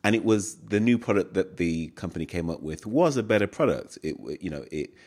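A man with a very deep, low voice hosting a podcast interview. He speaks in a measured way and pauses now and then to find his words. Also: expressive, darkish tone. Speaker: podcast host.

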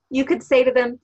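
Woman coach explaining stuff calmly, higher voice, kinda muffled podcast sound. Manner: calm, explanatory, gives examples. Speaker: NLP coach guest. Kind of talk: podcast interview.

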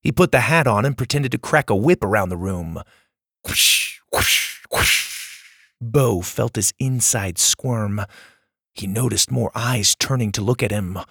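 A man narrating a children's adventure audiobook, reading with expressive character voices. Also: fairly low pitch, normal speed, creaky, slightly rough, dry recording, clean studio sound.

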